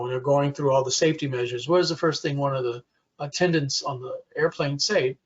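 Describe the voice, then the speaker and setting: A man's voice: medium pitch, slightly rough, muffled recording. A man giving a conversational webinar presentation for caregivers, with frequent fillers.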